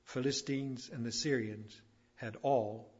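A man preaching a sermon, building to emphatic peaks and then dropping low. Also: steady tone, slow, a little mellow, slightly rough. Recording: dull lo-fi recording.

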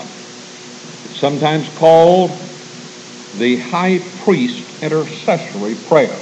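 An earnest man delivers a measured sermon, quoting scripture between his own remarks. His voice sits somewhat higher than most men's, and a faint ambient hum runs underneath. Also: a little mellow, highs cut off. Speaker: preacher.

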